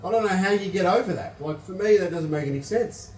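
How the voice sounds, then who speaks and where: A man's voice: high voice, lively intonation, fast talker, darkish tone, distant mic. A young Australian man doing a stand-up comedy set, rambling and self-deprecating with lots of swearing. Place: comedy venue with live audience. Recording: echoey room, mic picked up from afar.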